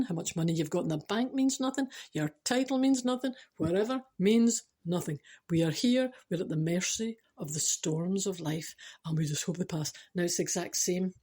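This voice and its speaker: Scottish woman, spiritual vlogger, emphatic, self-mocking humour, mellow husky voice. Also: fairly low pitch. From Scotland. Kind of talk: chatty spiritual talk to camera.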